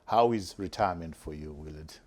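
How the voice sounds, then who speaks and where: A male interview host with a fairly low voice. He poses his questions haltingly, restarting phrases and filling gaps with "um" as he searches for words. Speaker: talk show host.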